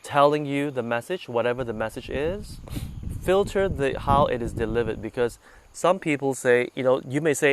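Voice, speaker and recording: Gentle man guiding a meditation group. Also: medium pitch, moderate pace, slight background noise. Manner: gentle, conversational, asks listeners questions. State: congested with sinus trouble. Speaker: meditation guide. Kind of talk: relaxed talk to a meditation group.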